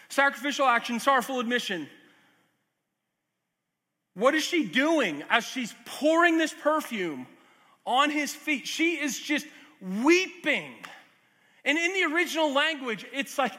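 High, bright-voiced man preaching in a hall. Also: animated, unhurried. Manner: earnest, conversational preaching with asides and restarts. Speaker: pastor. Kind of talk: sermon. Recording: long hall reverb.

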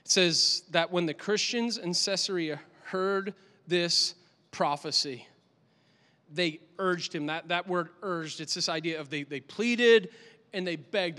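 A male pastor giving an animated, conversational sermon in a church, with lots of repetition for emphasis. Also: high-pitched, a little slow. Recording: long hall reverb.

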